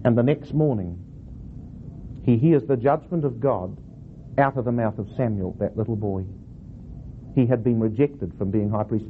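A man with a slightly raised voice teaches a class how to read a Bible verse. He reads each line slowly, tries out different stresses and quizzes his listeners. The recording sounds thin and phone-like, with a faint hiss behind it. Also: fairly high pitch, lively intonation. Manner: reads verses aloud slowly, then asks the class questions. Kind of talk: teaching scripture reading with varied emphasis.

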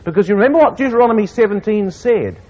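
A man delivers a sermon in a slightly husky, fairly high voice that rises and falls with lively emphasis. He slows to read scripture with weight. The recording is muffled and carries a long hall reverb. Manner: earnest, with slow emphatic scripture reading. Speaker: preacher.

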